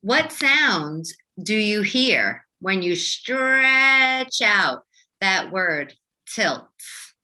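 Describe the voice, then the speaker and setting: A woman teacher leading a young children's phonics lesson, speaking slowly and enunciating each sound clearly. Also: medium pitch, very animated, pushed and bright. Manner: slow, clearly enunciated, sing-song teacher voice.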